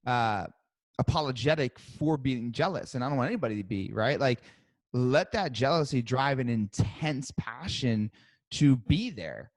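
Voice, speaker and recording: A man coaches on a podcast with a middle-pitched voice, pressing his points in an emphatic, encouraging way. He swears casually as he talks. The sound is close and dry. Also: lively intonation, moderate pace, dry recording. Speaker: growth coach. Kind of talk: podcast interview guest.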